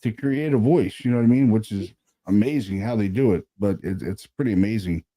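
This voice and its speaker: A man's voice: lowish voice, brisk, mellow. A man chatting casually as a paranormal investigator, laid-back, often tagging his sentences with "you know what I mean" and "man.". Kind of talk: casual chat.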